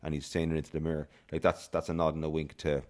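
A man co-hosting a podcast, telling rambling, animated film anecdotes full of restarts. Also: extremely low pitch, quick pace. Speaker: podcast co-host. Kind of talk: casual film chat.

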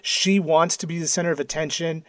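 A man's voice: a little high, steady tone, brisk, no room sound. Enthusiastic man, dry close sound. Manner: enthusiastic, stammers at starts. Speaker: podcast co-host. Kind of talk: casual chat.

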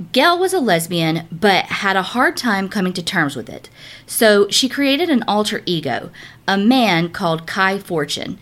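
Animated woman podcast co-host. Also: medium pitch. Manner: animated storyteller, swears casually. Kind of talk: casual chat, reading listener stories.

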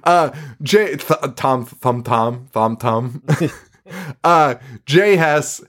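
A man's voice: medium pitch, expressive, very slow, fairly bright tone. A man co-hosting a podcast in casual chat, sarcastic and swearing freely, often laughing. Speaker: podcast co-host.

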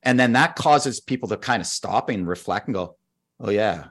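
A man's voice: medium pitch, lively intonation, brisk, fairly bright tone, breathy edge. A man speaking as a guest expert, patiently explaining his ideas step by step in conversation. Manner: patient, methodical teacher who walks through steps. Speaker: guest expert on team skills.

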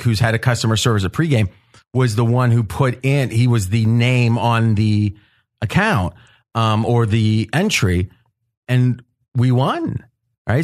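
A man hosting a betting podcast roundtable, telling stories in an animated way and laughing often. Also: mid-range voice. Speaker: podcast host. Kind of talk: casual roundtable talk.

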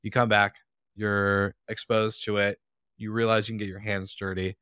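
A man's voice: on the low side, little pitch movement, moderate pace, pushed and bright, clear, resonant tone, no echo, studio quality. A young man hosting a podcast, asking long, loose, friendly questions. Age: young adult. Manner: friendly, rambling questions with fillers. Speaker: podcast host. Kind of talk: casual podcast interview.

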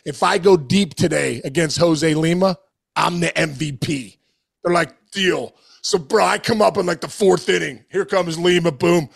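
A middle-aged man, a former ballplayer, telling an animated locker-room story in casual podcast chat, peppered with "dude.". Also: on the high side, normal speed. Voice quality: gravelly, animated, swears and says dude.

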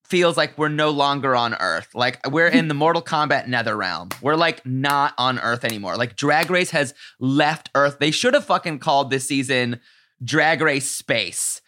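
A man's voice: medium pitch, moderate pace, hardly any pauses, bright, forceful tone. A man hosting a podcast in casual, campy, profane comedic chat. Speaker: podcast host.

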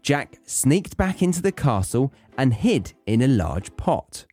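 A man's voice: mid-range voice, very animated, unhurried, dark tone, soft background music. A British man hosting a podcast, reading a children's story aloud with wry, joking asides. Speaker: podcast host. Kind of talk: story reading with comic commentary.

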